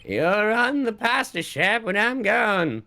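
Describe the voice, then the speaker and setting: Doting old game-shop father, drawn-out and fond, done by a streamer. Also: mid-range voice, sing-song, bright, forceful tone, voice pushed up, exaggerated voice. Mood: proud.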